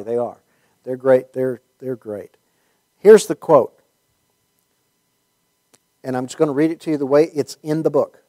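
A man's voice: medium pitch, dark tone. A man giving a conversational Bible teaching talk, rambling with many fillers and restarts and wry asides. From United States.

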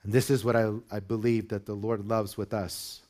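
Man preaching a sermon. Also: flat delivery. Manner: builds from measured teaching to loud, high-pitched exhortation. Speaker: pastor. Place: church with a congregation.

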